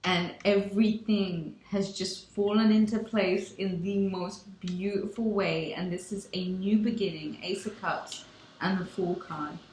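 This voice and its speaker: A woman's voice: mid-range voice, steady tone, measured pace, a little mellow. A woman giving an effusive tarot reading to camera, gushing and repeating her affirmations. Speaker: tarot reader. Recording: echoey room.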